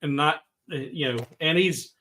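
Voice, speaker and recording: A man's voice: on the high side, normal speed, pushed and bright. Rambling man hosting a livestream. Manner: rambling, talks to chat viewers by name. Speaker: livestream host. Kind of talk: casual livestream chat.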